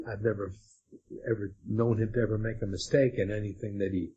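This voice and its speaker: A man's voice: lowish voice, flat delivery, fairly quick, warm tone, breathy edge. A man being interviewed as a guest author, speaking hesitantly with many restarts and fillers. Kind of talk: conversational interview. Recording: dull lo-fi audio.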